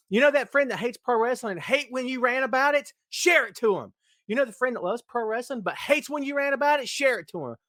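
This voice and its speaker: A middle-aged man hosts a live podcast, joking around and greeting viewers by name in hyped-up, casual chat. His voice is high-pitched and a bit bright, recorded at studio quality with no echo.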